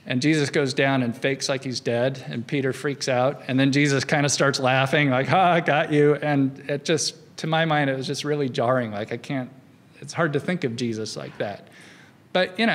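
In a mid-range, slightly bright voice with fairly even intonation, a middle-aged man lectures on philosophy at a moderate pace. His university lecture is conversational, punctuated by "right?" checks, and the hall adds long reverb.

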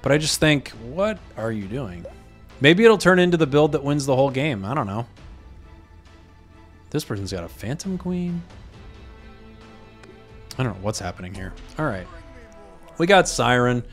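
A man's voice: medium pitch, expressive, moderate pace, pauses often, faint music behind. A young man giving casual, chatty commentary over a game he is playing, often trailing off and muttering to himself as he moves pieces around.

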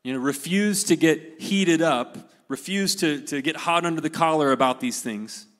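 A man preaching a sermon with earnest emphasis, repeating key phrases and letting his voice fall softly at the ends of lines. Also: a little high, normal speed. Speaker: pastor. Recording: reverberant hall.

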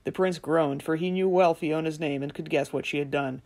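A woman's voice: sits low, steady tone. Woman narrating a fairy tale audiobook. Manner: measured, gentle storytelling. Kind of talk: scripted narration.

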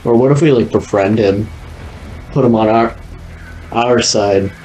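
A man's voice: lowish voice, a little slow, a little mellow, a little hiss or hum, rough recording. A young man casually commenting on his video game playthrough, rambling and joking with lots of "like". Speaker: gaming video host.

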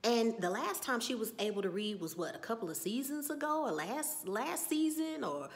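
A woman's voice: on the high side, animated, normal speed. A woman giving a casual recap and review of a TV episode, telling it as a story and acting out the characters' lines with exclamations. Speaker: TV recap vlogger.

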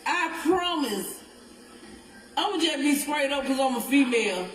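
A woman's voice: high-pitched, expressive, takes it slowly. A middle-aged woman, telling a story in rambling, swearing casual talk, recorded echoey and far from the mic. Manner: rambling, swearing, laughs as she talks. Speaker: interviewee in a clip. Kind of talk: casual live video talk.

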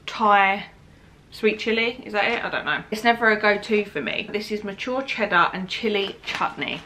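A young woman with a bright, forceful voice talks through a snack taste test. She is tired and heavily pregnant, chatty and candid, and often speaks between bites. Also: medium pitch, lively intonation, normal speed, a little hiss or hum. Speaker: vlogger. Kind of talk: casual taste-test vlog.

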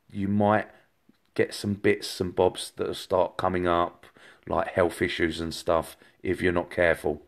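Guy doing live psychic readings, deep voice with lots of fry, rambly, um um. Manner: rambling, many fillers and restarts, addresses viewers directly. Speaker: psychic medium.

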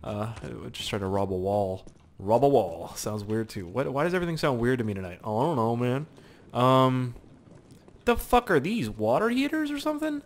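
A young man giving casual, profane gameplay commentary with sudden loud outbursts. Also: medium pitch, big pitch swings, normal speed.

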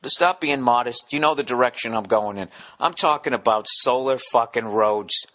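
A man's voice: medium pitch, moderate pace. A man hosting a solo podcast, rambling and ranting with lots of swearing and acting out little scenes. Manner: profane, ranting, acts out bits in character voices; drops to a hushed near-whisper in acted scenes. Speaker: podcast host.

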